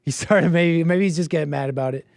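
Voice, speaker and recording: A man's voice: fairly high pitch, fast, gravelly, darkish tone, no echo, clean studio sound. A man who grew up in Canada, hosting a call-in livestream and talking in a rambling, hesitant way with many fillers and restarts. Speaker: livestream host taking calls. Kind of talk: casual livestream commentary.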